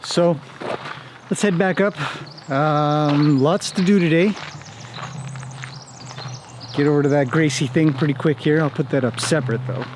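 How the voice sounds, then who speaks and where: A man's voice: fairly high pitch, measured pace, long pauses, background noise. A man vlogging casually outdoors as he walks round a farm, chatting to the camera and talking fondly to the animals. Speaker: horse trainer vlogger. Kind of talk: casual walk-and-talk vlog.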